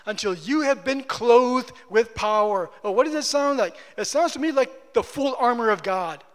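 A man's voice: extremely high pitch, expressive, normal speed, a bit bright. A man preaching a sermon as pastor, emphatic and repeating phrases for stress. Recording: long hall reverb.

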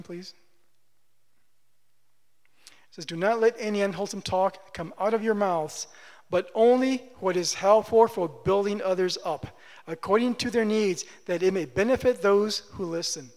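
High-voiced preacher in an echoing hall. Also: male voice, normal speed, darkish tone. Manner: emphatic, repeats phrases, asks the congregation questions. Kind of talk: sermon. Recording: long reverb of a large hall.

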